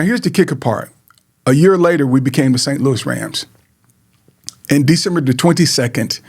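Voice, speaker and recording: A middle-aged man from Georgia hosts an emotional personal testimony, telling his own story earnestly and repeating words. He often calls out to his listeners as "man" and "guys," in a mid-range, darkish voice.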